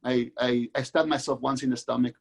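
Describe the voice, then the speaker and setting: A middle-aged man from Mexico, a guest author, telling his own life story in an earnest, halting way with many restarts. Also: mid-range voice, level tone, creaky, breathy edge. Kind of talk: candid personal storytelling.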